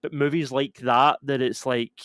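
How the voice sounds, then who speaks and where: A man's voice: mid-range voice, fairly even intonation, measured pace, fairly bright tone, no room sound, studio quality. A young man, co-hosting a podcast in casual, opinionated chat full of "like" fillers. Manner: opinionated, rambling with frequent "like" fillers. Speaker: podcast co-host.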